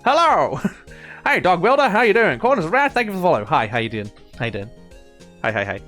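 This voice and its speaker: Male game streamer, fairly high and very animated, playful chat, music faint behind. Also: fast. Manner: playful and chatty, greets viewers. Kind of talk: casual live-stream chat.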